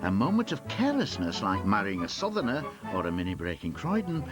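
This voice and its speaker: A man's voice: fairly low pitch, huge pitch swings, brisk. A man narrating a documentary in a wry, dryly humorous way. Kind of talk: scripted narration. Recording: music bed under narration.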